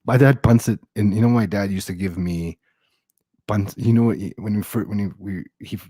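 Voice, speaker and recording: Low-voiced man doing crude stand-up. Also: normal speed, warm tone, no echo, studio quality. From Filipino-American. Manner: loose, crude, riffing on audience text comments. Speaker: stand-up comedian. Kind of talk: stand-up set on a virtual comedy show.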